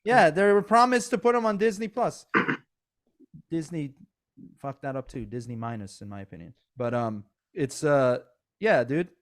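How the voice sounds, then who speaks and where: A man hosting a casual podcast, a comedian telling animated stories with lots of fillers and laughs. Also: on the high side, unhurried.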